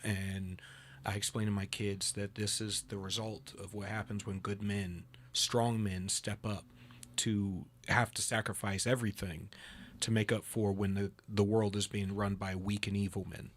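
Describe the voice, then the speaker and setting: A man hosting a casual political talk show, telling stories with lively acted-out dialogue. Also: fairly low pitch, moderate pace. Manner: animated storyteller, acts out dialogue in a raised voice. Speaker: host.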